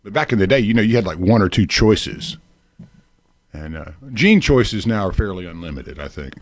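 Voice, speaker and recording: A man's voice: sits low, very animated, normal speed, no room sound. A man co-hosting a radio show, chatting in a laid-back, rambling, jokey way. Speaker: radio co-host. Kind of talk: casual radio banter. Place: radio studio.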